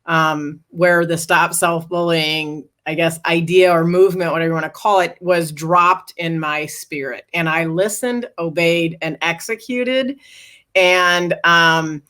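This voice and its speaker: A woman's voice: on the low side, measured pace. A middle-aged woman, a guest author and speaker, earnestly recounting a personal story in an interview. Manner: earnest, animated retelling with acted quotes.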